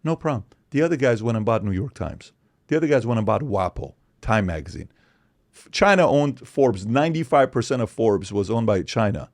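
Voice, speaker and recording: A man from Iran, a podcast guest in casual conversation, talking in an animated, emphatic way. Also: mid-range voice, fairly quick. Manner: animated, emphatic, acts out other people's voices.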